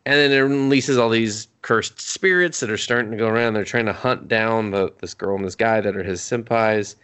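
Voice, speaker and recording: Talking at a normal pace in a fairly low voice that is a bit bright and clean, a podcast co-host loosely runs through an anime. It comes out rambling, with lots of fillers and restarts and plenty of swearing.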